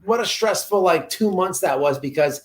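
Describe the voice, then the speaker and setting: Higher-voiced man, rambling casual chat. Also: animated, normal speed. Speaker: co-host of a couple's livestream Q&A.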